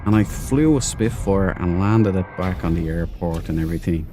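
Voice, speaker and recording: A man's voice: sits low, normal speed, noisy background. An Irish man streaming a space game live, rambling and chatty, with slangy asides. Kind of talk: casual live-stream chat.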